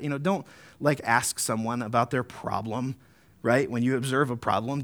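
A man preaching a sermon as pastor, earnest, often adding tag questions, slowing down to read deliberately. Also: medium pitch, sing-song. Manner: earnest, rising to emphatic peaks, slowing to deliberate reading.

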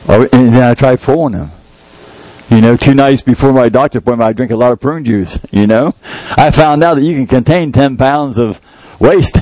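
A man's voice: fairly high pitch, sing-song, moderate pace, a little mellow, dry recording, poor audio. A man giving an informal, folksy sermon, joking about himself and reading scripture aloud. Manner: folksy, jokey, laughs at himself, quotes scripture. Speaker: lay preacher.

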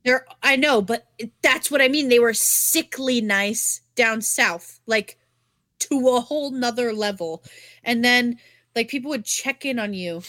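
A young woman, co-hosting a podcast and telling stories in casual chat, swearing freely and animated. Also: a little high, measured pace, no echo. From New England. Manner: animated, swearing storyteller with many fillers. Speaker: podcast co-host.

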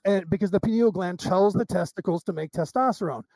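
High-voiced man telling animated stories. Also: a little fast, slight background noise. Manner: animated storyteller acting out quoted dialogue, with restarts. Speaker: psychic medium guest. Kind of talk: casual interview storytelling.

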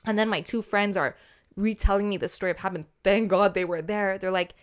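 Chatty woman podcast host, swears a lot, acts out everyone's lines, super animated. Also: mid-range voice, a little fast. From not from Australia. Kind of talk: casual storytelling chat.

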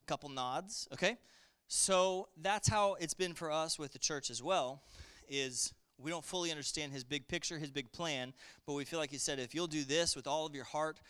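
A middle-aged man preaching a sermon in a conversational, energetic way, calling out to his congregation. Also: fairly high pitch, moderate pace, clear, resonant tone. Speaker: pastor.

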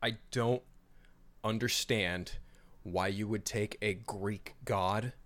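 A man's voice: on the low side, steady tone, takes it slowly, fairly bright tone. A man co-hosting a podcast in casual chat, ranting with heavy swearing and exasperation. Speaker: podcast co-host.

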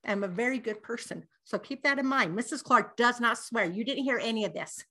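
High-voiced woman telling family stories. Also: fairly quick, sharp tone. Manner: laughs often, quotes her dad in a gruff voice. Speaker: podcast co-host. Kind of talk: casual storytelling chat.

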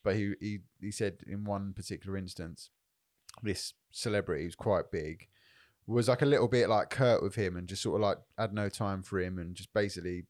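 A young man with a lowish voice talks things through on a podcast. He is measured and reflective and hedges with fillers, and the recording sounds dry and close. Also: a little mellow, no echo. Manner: thoughtful, measured, hedging with fillers. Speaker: podcast co-host. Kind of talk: casual chat.

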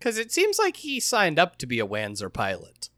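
A man co-hosting a casual gaming podcast, talking in an animated, jokey, mocking way. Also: on the high side, normal speed, no room sound, clean studio sound. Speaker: podcast co-host.

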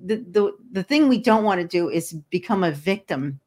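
A woman's voice: medium pitch, expressive, moderate pace, a little mellow. A woman speaking as a podcast guest, an energy healer and hypnotherapist, talking earnestly and encouragingly with frequent restarts. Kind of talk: podcast interview conversation.

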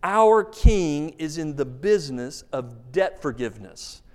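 A man's voice: on the high side, expressive, measured pace, a little mellow. A man preaching a sermon as pastor, telling a story with emphasis and asking rhetorical questions. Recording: long reverb of a large hall.

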